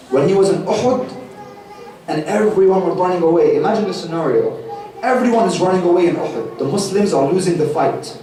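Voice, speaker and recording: A man's voice: high voice, animated, quick pace, warm tone. A man telling a religious story in a vivid, dramatic way to a youth gathering, recorded in a mosque hall. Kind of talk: sermon storytelling. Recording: echoey hall from far off.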